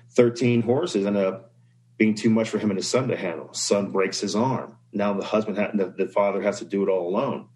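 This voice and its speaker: A man talks as a guest on a podcast, his voice sitting a little low. He speaks earnestly and reflectively and slips easily into telling a story. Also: brisk, a little mellow, a little hiss or hum, rough recording. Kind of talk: casual conversation.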